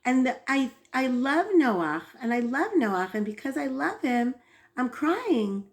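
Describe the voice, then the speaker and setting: A woman voicing a tender, earnest young boy who explains himself haltingly. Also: high voice, big pitch swings, voice pushed up, heavily acted.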